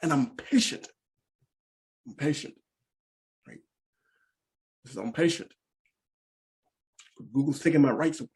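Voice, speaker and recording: A man performing stand-up, telling a repetitive, animated story about parenting from the stage. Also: fairly high pitch, measured pace, long pauses. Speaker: stand-up comedian.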